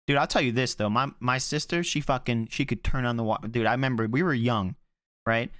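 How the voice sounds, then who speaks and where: A man co-hosting a live-streamed podcast, chatting casually and swearing as he tells animated stories. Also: medium pitch, a little fast, dry recording, clean studio sound. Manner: animated storytelling, swearing freely. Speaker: podcast co-host. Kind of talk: casual chat.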